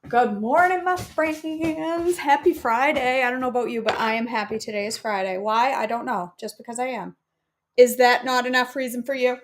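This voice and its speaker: A woman with a slightly high voice hosts a casual cooking stream from her home kitchen. She talks playfully straight to her viewers as she works, picked up by a camera on the counter with a faint hiss of background noise. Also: fairly even intonation, a little fast. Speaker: cooking show host. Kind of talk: casual live cooking chat.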